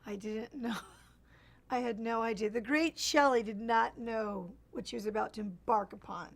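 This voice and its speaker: A woman recounting her own life story in an interview. Her fairly high voice carries a gravelly fry, and she talks haltingly, restarting and filling pauses as she goes. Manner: halting, with frequent restarts and fillers. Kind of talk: personal testimony.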